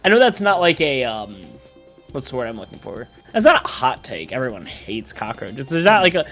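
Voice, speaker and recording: A woman chatting on a game stream, ranting emphatically with quick bursts. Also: very deep voice, big pitch swings, fairly bright tone, soft background music. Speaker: streamer, co-host. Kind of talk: casual stream chat.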